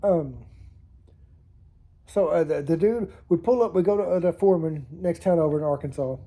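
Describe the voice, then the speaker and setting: A man's voice: fairly high pitch, normal speed, dark tone. Rambling man telling stories. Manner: rambling, self-deprecating, laughs at himself. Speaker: storytelling vlogger. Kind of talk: casual storytelling to camera. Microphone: camera mic on a tilting setup.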